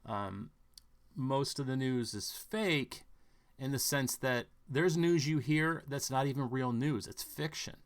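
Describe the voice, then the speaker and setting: A man's voice: medium pitch, fairly bright tone. A man hosting a rambling commentary monologue. He speaks in a preachy, emphatic way, repeats his phrases and keeps checking with the listener by asking "okay?". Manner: scolding asides to the listener. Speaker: podcast host.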